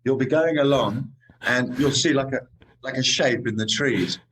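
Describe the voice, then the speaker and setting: A man guest on a podcast, telling lively travel anecdotes in casual chat over a remote call, often adding "man" and "eh". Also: mid-range voice, moderate pace, a little hiss or hum, low-quality recording. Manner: animated anecdotes, says "man" and "eh".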